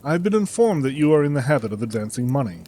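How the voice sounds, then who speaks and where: A man reading a hurried, lofty nobleman in an audiobook, brisk and businesslike. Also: mid-range voice, very animated, dark tone, slight background noise, natural voice. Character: hurried, haughty male nobleman.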